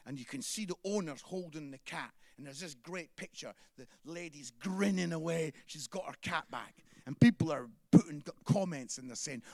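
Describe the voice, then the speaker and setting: Scottish guy doing stand-up, high voice, bouncy, dry close sound. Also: moderate pace, hardly any pauses, darkish tone, no echo. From Scotland. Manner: chatty, tags lines with "yeah?". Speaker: stand-up comedian. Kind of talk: stand-up comedy set.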